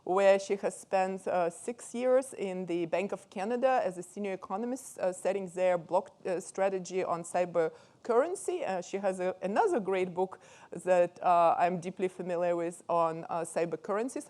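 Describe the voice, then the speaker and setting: A woman with a Russian accent introducing speakers at a conference, halting with many fillers. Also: on the low side, a little mellow.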